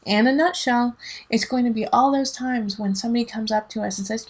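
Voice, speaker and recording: A woman's voice: on the high side, steady tone, normal speed. A woman, a tarot reader and mother, chatting casually and rambling as she gives a reading, laughing often. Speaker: dance teacher and mother.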